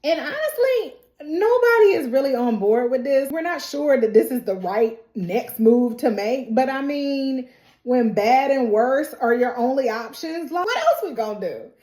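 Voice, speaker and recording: A woman talks through a TV episode in a relaxed, chatty recap. Her voice sits slightly high, and she keeps it lively with sassy side comments and frequent laughs. The room around her gives off a noticeable echo. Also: measured pace. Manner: animated, sassy asides, laughs often. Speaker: TV recap host. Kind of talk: casual recap and reaction.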